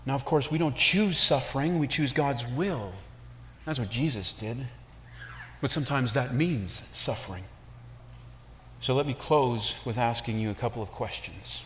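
A man's voice: mid-range voice, lively intonation, a bit bright, a little hiss or hum. A man preaching a sermon, telling a story and then reflecting on it for his listeners. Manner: slow, storytelling delivery with reflective asides.

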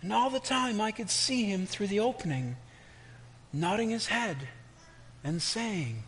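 A man's voice: lively intonation, measured pace, fairly bright tone, exaggerated voice. A man voicing a talking clay teacup that cries out and pleads through its shaping, told as a story within a sermon. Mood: pleading. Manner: high, strained, pleading cries.

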